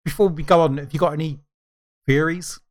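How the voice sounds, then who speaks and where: A middle-aged man co-hosting a podcast in casual chat. His voice sits a little high, and he rambles with many fillers and restarts. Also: fairly even intonation, brisk. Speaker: podcast co-host.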